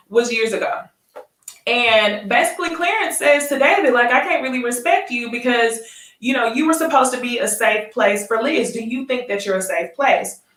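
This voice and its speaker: A woman's voice: a little high, fairly bright tone, reverberant, recorded from a distance. A woman hosting a casual live recap of a reality dating show, chatting straight to her viewers and laughing often. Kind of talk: casual live review chat.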